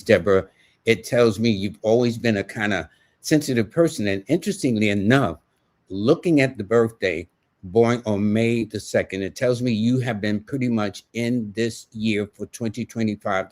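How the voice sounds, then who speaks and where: Man, New York accent, folksy livestream reader, chatty, talks straight to viewers, lowish voice. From United States. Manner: folksy and conversational, addresses viewers by name, thinks aloud. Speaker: numerologist host giving live readings. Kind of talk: casual livestream reading.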